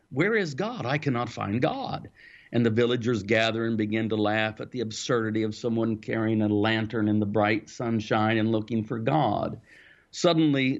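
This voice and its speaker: A man, an author being interviewed, explaining his ideas in a thoughtful, storytelling way with the odd soft laugh. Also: medium pitch, muffled recording. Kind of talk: reflective interview answers.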